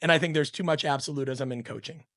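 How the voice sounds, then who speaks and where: A man's voice: a little high, fast, fairly bright tone, no room sound, clean studio sound. A middle-aged man speaking as a podcast guest, an opinionated coach talking in a passionate, emphatic, ranting way. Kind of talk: podcast conversation.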